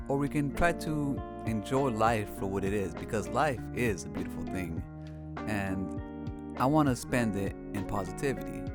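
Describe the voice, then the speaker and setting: Low-voiced male host over guitar music. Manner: measured, reflective, opinionated. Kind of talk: commentary narration. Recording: guitar music playing behind.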